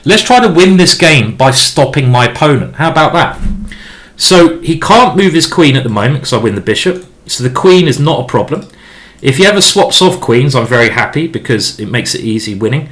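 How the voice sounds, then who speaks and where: A man talks through his chess moves on a live stream, chatty and rambling as he thinks aloud. He restarts his sentences often and chats with the viewers between moves. His voice sits at an ordinary pitch for a man. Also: expressive, fairly quick, fairly bright tone. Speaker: chess grandmaster streaming a game.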